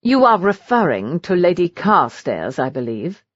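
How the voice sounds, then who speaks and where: A woman's voice: on the low side, very animated, unhurried, dry recording, highs cut off. A woman voicing a stiff, disapproving male butler in an audiobook, speaking formally. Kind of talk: audiobook character reading.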